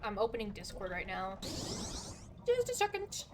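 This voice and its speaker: A woman's voice: medium pitch, wildly swooping pitch, unhurried, noisy background. A woman streaming a game, chatting casually, flustered and swearing as she talks. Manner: swearing, flustered, laughing often.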